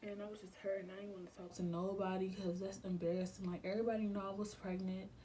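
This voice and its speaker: A woman's voice: mid-range voice, flat delivery, quick pace, mellow, a little hiss or hum, poor audio. A young adult woman telling a personal story in a casual storytime vlog. She speaks candidly and emotionally, with slang, swearing and repeated phrases. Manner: subdued and emotional. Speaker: vlogger.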